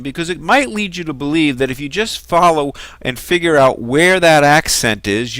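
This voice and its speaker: Guy teaching greek grammar, calm step by step explaining, medium pitch, dry. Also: no room sound. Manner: patient, methodical explaining. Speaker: Greek language lecturer. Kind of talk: recorded classroom lecture.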